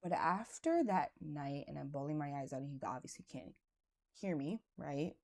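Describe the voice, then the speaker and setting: A woman's voice: deep voice, lively intonation, moderate pace, creaky, darkish tone. A woman hosting her own podcast, telling a personal story in a candid, confessional and casual way. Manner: casual and conversational, with frequent "like" and "right". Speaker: podcast host. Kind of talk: personal reflective monologue.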